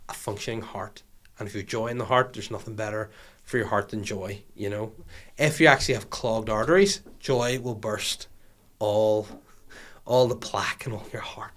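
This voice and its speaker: A man's voice: lowish voice, moderate pace. A man with a Northern Irish accent hosting a podcast, telling comic stories with lots of swearing and acted-out voices. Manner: animated, swears freely, acts out voices in anecdotes. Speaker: podcast host. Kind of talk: comic storytelling chat.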